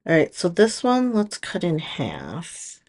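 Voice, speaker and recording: A woman talks through a nail product demo at an unhurried, slow pace. Her voice has a gravelly, creaky edge, and she chats and thinks aloud as she works with her hands. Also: lowish voice, huge pitch swings, a little mellow. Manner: chatty, thinking aloud while working.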